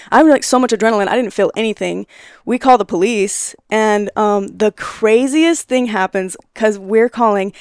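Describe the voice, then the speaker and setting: A young woman in her twenties with a smooth, clear voice, telling a story as a podcast guest. She is animated and laughs often, acting out quoted lines as she goes. The sound is dry and close, with no room echo. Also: medium pitch. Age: 20s. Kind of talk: casual storytelling conversation.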